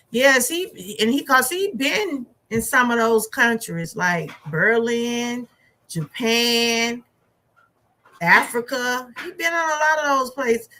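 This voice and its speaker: A middle-aged woman, reviewing a movie in a chatty, animated way. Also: fairly high pitch, takes it slowly. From Georgia, USA. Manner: animated, chatty storytelling with laughs and asides. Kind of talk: casual chat.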